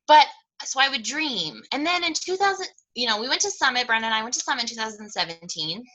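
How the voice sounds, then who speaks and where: A woman's voice: sits high, big pitch swings, quick pace, pushed and bright, rough recording. A woman coach giving a motivational talk to her team, candid and emphatic, with mild swearing and self-deprecating humor.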